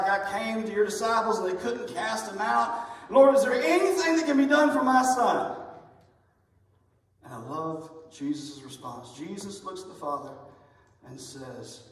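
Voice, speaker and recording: A man preaching a sermon with passion, building to near-shouts on the points he stresses. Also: a little high. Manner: impassioned, rising to near-shouts on emphatic lines. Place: church sanctuary. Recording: echoey church hall, voice from far off.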